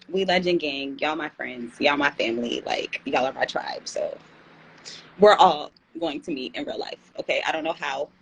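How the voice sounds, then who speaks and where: A woman's voice: deep voice, gravelly, husky, low-quality recording. A young woman, hosting a tarot channel and talking casually and slangily to her viewers. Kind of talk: casual livestream chat.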